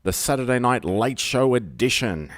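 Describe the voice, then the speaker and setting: A man's voice: medium pitch, animated, normal speed, no echo, clean studio sound. A man with an Australian accent hosting a rambling live stream from home, talking into a desk microphone in a jokey, self-mocking way full of fillers. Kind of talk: rambling solo livestream chat.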